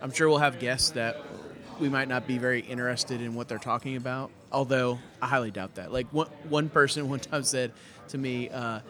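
A man's voice: mid-range voice, steady tone, moderate pace, a bit bright. A man, a pastor co-hosting a podcast, chatting earnestly and laughing easily at a brewery. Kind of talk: casual chat. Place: brewery taproom. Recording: busy taproom crowd noise. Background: crowd chatter.

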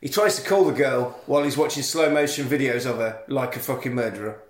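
A man's voice: medium pitch, fast, reverberant. Sweary man recapping a film. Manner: sweary, acts out characters in silly voices. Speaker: podcast co-host. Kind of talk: casual comedic film recap.

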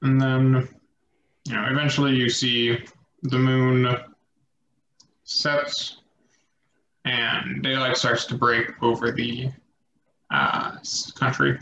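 A man narrating a tabletop game as game master, relaxed and rambling with fillers. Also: medium pitch, slow, pauses often, slight background noise. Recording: echoey slightly dull room sound.

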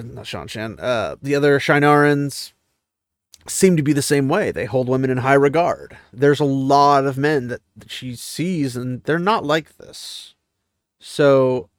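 A book discussion host with a mid-range voice gives a casual recap of a fantasy novel, chatty and digressive, breaking off into asides and questions. The studio sound is clean, with no room sound.

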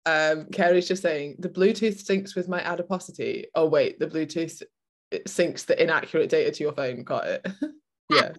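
A woman's voice: deep voice, moderate pace. A British woman co-hosting a podcast, reading listener comments aloud in a casual, slightly hesitant way. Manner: easygoing, hesitant with fillers, self-deprecating.

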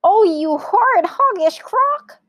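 A woman voicing an excitable male monkey in a children's story, squealing and loud. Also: extremely high pitch, takes it slowly, dry recording, clean studio sound, pitched above the performer's own voice, full character voice. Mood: shrill alarmed. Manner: squealing, alarmed.

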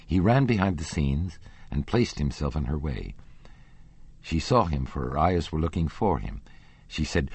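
Deep, husky male audiobook narrator. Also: big pitch swings, measured pace, darkish tone, dry recording. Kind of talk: scripted narration of a classic novel.

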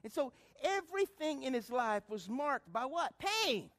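High-voiced preacher man. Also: sing-song, unhurried. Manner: preachy call-and-response, swings from loud to hushed. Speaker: pastor. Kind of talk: sermon.

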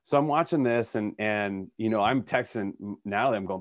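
A man's voice: on the low side, normal speed, no room sound, studio quality. A man in his thirties or forties, a podcast co-host, telling a story in casual conversation, acting out what people said, with many restarts. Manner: animated storyteller who acts out quotes, with frequent restarts.

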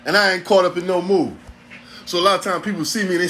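A man's voice: high voice, steady tone, quick pace, fairly bright tone, slight background noise. A man, hosting a podcast in a blunt, profane, streetwise ranting monologue. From New York City. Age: 40s. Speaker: podcast host.

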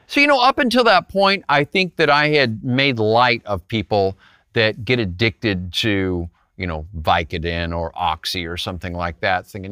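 This pastor's voice is on the low side and clean in tone, heard at normal speed in a studio-quality recording without echo. His sermon is conversational and animated, built around a personal story, and he keeps addressing listeners directly with a rhetorical "right?".

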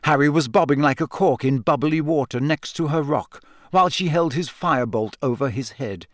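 Lively male storyteller, slightly high voice, dry close sound. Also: moderate pace, no echo. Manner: expressive, voices characters. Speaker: audiobook narrator. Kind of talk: scripted narration.

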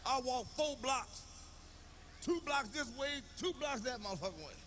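A man doing a stand-up comedy set on stage before a live audience, telling loud, profane stories that build to shouting. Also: very high-pitched, lively intonation, moderate pace, a little hiss or hum.

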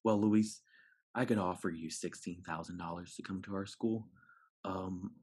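A man imitating a welcoming university recruiter with a deep voice. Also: steady tone, a little mellow, breathy edge. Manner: welcoming, slow and friendly.

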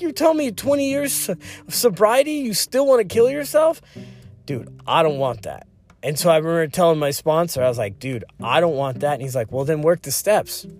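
A man's voice: on the high side, a little mellow. A man in recovery talking casually and bluntly about his own addiction, often calling the listener "dude". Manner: earnest and blunt, keeps saying "dude" and "right?". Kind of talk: casual vlog talk.

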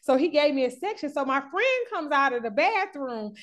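A woman telling a story with animated flair, acting out the other people's voices. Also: high-pitched, normal speed. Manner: acts out voices in stories, laughs often. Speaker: guest.

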